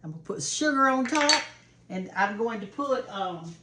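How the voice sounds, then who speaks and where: An older Southern American woman with a mid-range voice, lively intonation and moderate pace hosts a chatty home cooking demonstration in her kitchen. Folksy and homey, she calls viewers "y'all" and "honey," while kitchen noise and the sizzle of frying sound behind her.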